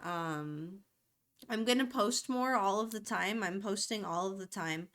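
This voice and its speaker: A woman's voice: mid-range voice, unhurried, a bit bright. A woman streaming live, chatting casually and rambling playfully to herself as she works. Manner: rambling, playful, self-talking while working.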